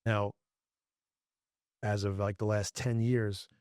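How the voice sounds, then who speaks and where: Low-voiced man telling fishing stories. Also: flat delivery, takes it slowly, a little mellow, clean tone, dry recording, studio quality. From Florida. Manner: rambling, restarts sentences, folksy Southern-tinged phrasing. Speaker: fishing podcast host. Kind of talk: casual storytelling chat.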